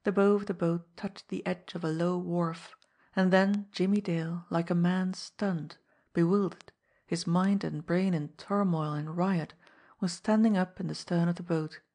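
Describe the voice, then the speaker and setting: Lowish-voiced woman reading a story. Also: steady tone, warm tone. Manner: measured storytelling. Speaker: audiobook narrator. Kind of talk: scripted narration.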